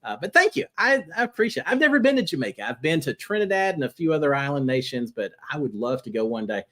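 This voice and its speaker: A man hosting a live reality-TV chat show, answering viewer questions in a chatty, animated way. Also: fairly high pitch, quick pace. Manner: chatty and animated, jumping between topics.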